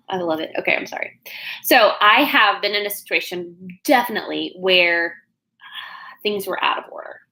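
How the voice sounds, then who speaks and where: Oklahoma-accented woman coach, bubbly livestream chatter, crisp bright tone, mid-pitched voice. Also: animated, normal speed, rough recording. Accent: Oklahoma Southern. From Oklahoma, USA. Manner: chatty, bubbly, rambling with many fillers. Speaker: business coach. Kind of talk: casual livestream talk. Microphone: no external mic plugged in.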